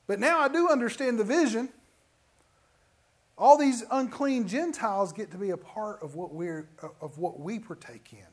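A pastor preaching a sermon, telling stories and acting out the people in them. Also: male voice, high voice, normal speed. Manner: storytelling preacher, animated, acts out quotes.

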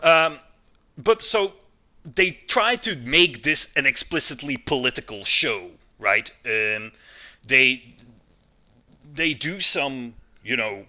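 A man's voice: slow, dull audio. A man co-hosting a podcast, talking in a loose, rambling way with lots of fillers and restarts. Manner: rambling, many fillers and restarts, lively swings in pitch. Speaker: podcast co-host. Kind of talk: casual chat.

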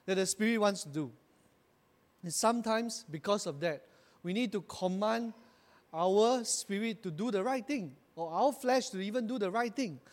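A man's voice: extremely high pitch, big-room sound. A man preaching a sermon as pastor, building to emphatic bursts and calling his congregation to repeat after him.

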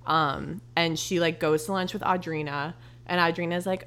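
Bright-voiced young woman chatting. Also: fairly low pitch, fairly even intonation, moderate pace, smooth. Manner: chatty, full of "like" fillers, swears freely. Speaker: podcast co-host. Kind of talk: casual chat.

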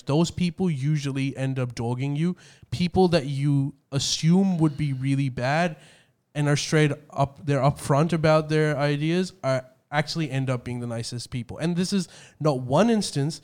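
A man's voice: fairly high pitch, measured pace. Rambling young Australian man, podcast chat. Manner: rambling, animated storytelling with put-on quotes. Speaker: podcast co-host. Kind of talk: casual podcast banter.

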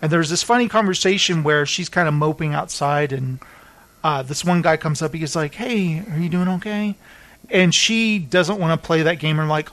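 Animated high-voiced man telling stories. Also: moderate pace. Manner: animated storytelling, acting out quotes. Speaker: podcast host. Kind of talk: casual chat recapping TV shows.

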